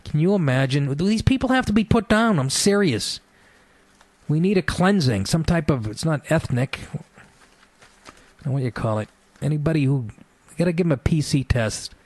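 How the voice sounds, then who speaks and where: A man's voice: fairly high pitch, expressive, normal speed, pauses often, darkish tone, no room sound. A man hosting a radio show, ranting sarcastically with lots of swearing and mocking asides. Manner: sarcastic, swears a lot, jumps between mock voices. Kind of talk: profane comedic radio rant.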